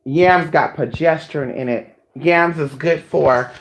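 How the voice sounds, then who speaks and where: A sassy, chatty woman with a lowish voice talks casually to her viewers. She is exclamatory and swears freely. A faint hiss sits behind her. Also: unhurried. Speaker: vlogger. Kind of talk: casual live chat to viewers.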